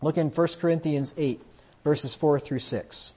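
A man preaching a sermon, who gets emphatic and loud when he quotes scripture. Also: fairly high pitch, fairly even intonation, measured pace, slightly rough. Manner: emphatic, rises loudly when quoting scripture. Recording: dull lo-fi recording.

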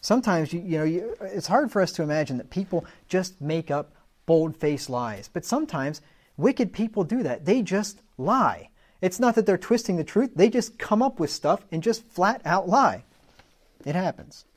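A man's voice: sits high, animated, normal speed, darkish tone. A man preaching a sermon in an emphatic, conversational way, often restarting his sentences.

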